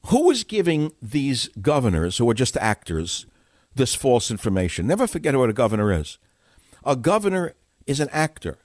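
Combative talk radio host, lively pitch. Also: male voice, normal speed, no room sound, clean studio sound. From New York. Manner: combative, mocking, rhetorical questions.

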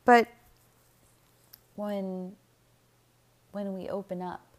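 A woman's voice: medium pitch, very slow. Candid, swearing woman podcaster. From United States. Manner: candid, profane, animated, with frequent fillers and laughs. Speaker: podcast host. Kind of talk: casual solo podcast monologue.

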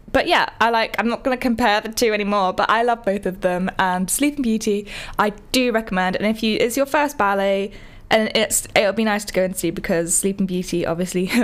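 A young woman who hosts a podcast and gives a casual spoken theatre review, chatty and rambling with lots of ums and restarts. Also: mid-range voice. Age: young adult.

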